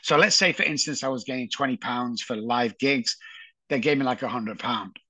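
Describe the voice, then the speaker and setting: A man with a Manchester accent, telling his life story as a podcast guest in a chatty, animated way. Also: medium pitch, normal speed, dry recording. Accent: Manchester English. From England. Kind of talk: casual storytelling.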